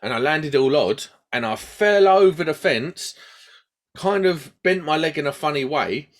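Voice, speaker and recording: Animated man telling a story. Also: a little high, unhurried. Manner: animated, acts out quoted voices, laughs at himself. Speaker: podcast host. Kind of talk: casual storytelling chat.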